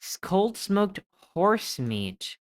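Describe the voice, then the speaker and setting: A streamer giving excitable live gameplay commentary, thinking aloud while guessing and swearing often. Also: mid-range voice, very slow, no room sound, clean studio sound.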